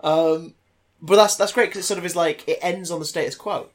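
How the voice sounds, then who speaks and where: A man's voice: fairly high pitch, a little fast. Chatty man rambling animatedly. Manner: animated, rambling, many fillers. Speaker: podcast co-host. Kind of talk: casual chat.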